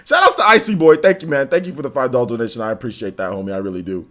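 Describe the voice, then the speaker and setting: A man's voice: mid-range voice, lively intonation, racing, a bit bright. A young man hosting a livestream in casual chat, reading donations with laid-back slangy banter and frequent laughter. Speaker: livestream host.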